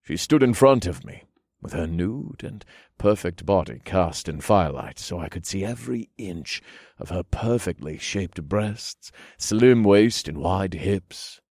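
A man narrating a first-person erotic story in a low, breathy, intimate way. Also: expressive, measured pace, darkish tone, no room sound, clean studio sound.

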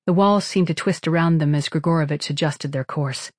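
A narrator reading a science fiction novel in steady, even scripted narration. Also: mid-range voice, brisk, hardly any pauses, no echo, studio quality. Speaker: audiobook narrator.

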